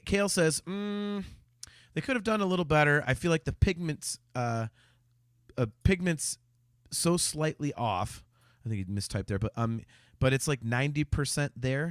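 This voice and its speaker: Co-hosting a laid-back fan podcast, this man speaks at a moderate pace in a fairly high, slightly bright voice with lively intonation. The studio-quality recording has no echo, and his casual chat is hesitant, full of stammering restarts and viewer comments he reads out.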